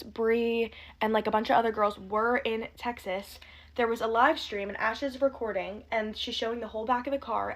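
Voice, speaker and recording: A young woman recapping drama in a casual, fast and sarcastic gossip style, swearing freely. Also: mid-range voice. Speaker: commentary youtuber.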